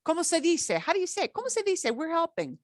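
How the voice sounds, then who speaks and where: A woman teaching a beginner Spanish class, chatty and encouraging, slowing down to drill words. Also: extremely high pitch, expressive, no echo, studio quality.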